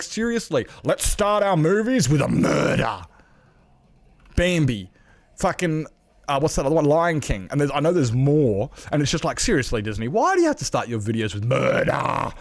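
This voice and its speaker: A man's voice: mid-range voice, dry recording. A man chatting casually on a live game stream, rambling and candid, swearing freely and dropping lots of fillers. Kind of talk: casual live-stream chat while gaming.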